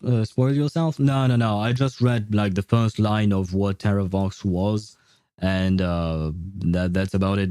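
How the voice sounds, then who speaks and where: Low, dark-voiced man rambling on stream. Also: dry recording, clean studio sound. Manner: rambling, thinks aloud with many fillers and restarts. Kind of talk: casual livestream chat.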